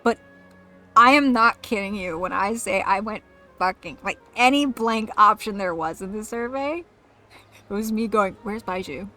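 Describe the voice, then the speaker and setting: A woman's voice: mid-range voice, moderate pace, pushed and bright, soft background music. A woman streaming a game, chatting casually in a rambling, giggly, self-mocking way.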